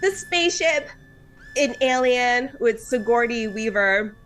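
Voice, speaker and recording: Over soft background music and poor audio, a female podcast co-host talks in an unhurried, expressive way. Her voice is on the high side and slightly bright. The chat is casual and rambling, full of fillers and frequent laughs.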